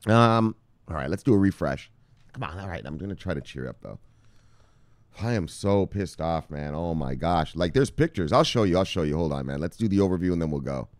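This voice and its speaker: Low-voiced guy doing a crypto news show, really up and down, dry close sound, yells bang and look look then mutters angry. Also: animated, brisk, no echo. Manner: swings from loud hype to low muttered anger, swears; calls viewers brothers, punchy catchphrases like bang and look look. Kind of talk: casual news commentary.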